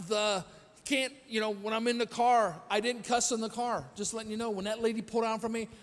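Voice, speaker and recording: A man's voice: sits high, little pitch movement, fast. A man preaching a conversational sermon as pastor, quizzing the congregation and telling stories with self-deprecating humor. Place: church sanctuary. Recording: long hall reverb in a church.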